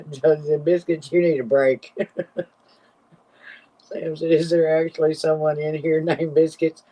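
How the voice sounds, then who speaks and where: A woman's voice: sits low, little pitch movement, a little slow, mellow. A woman hosting a casual live stream, reading viewer comments aloud and laughing constantly until she is breathless. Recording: slightly dull lo-fi audio.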